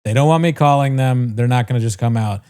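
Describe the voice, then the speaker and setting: A man's voice: medium pitch, quick pace, darkish tone, clean tone. A man co-hosting a podcast, casually telling a long story, swearing freely and mimicking the people in it. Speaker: podcast co-host.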